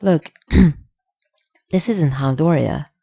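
A woman voicing a brash, confident male scientist who talks in a quick, blunt way. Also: on the high side, creaky, dark tone, breathy edge, dry recording, full character voice. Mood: nervous.

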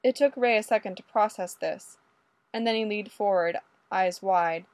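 A woman narrating a story in an even, steady way. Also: mid-range voice, moderate pace, no echo. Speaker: story reader.

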